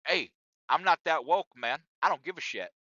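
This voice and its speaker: A man's voice: fairly high pitch, lively intonation, moderate pace, bright, forceful tone, no room sound, highs cut off. A middle-aged man hosting a podcast, talking loosely and profanely straight to his listeners in a casual monologue. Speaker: podcast host.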